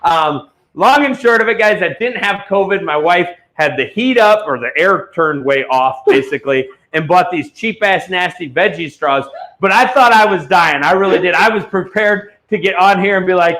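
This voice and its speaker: A man hosting a live online auction, telling a rambling, profane story before pitching items. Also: moderate pace, fairly bright tone. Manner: rambling, ranting storyteller who swears freely. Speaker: livestream auction host. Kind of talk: casual livestream chat and product pitch.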